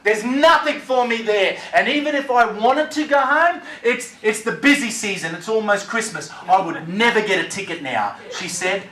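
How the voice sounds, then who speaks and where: A man giving a personal testimony as a guest speaker, dramatic storytelling that swings between hushed and loud. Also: high voice, expressive, moderate pace, hardly any pauses. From Australia. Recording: echoey, noisy room, distant mic.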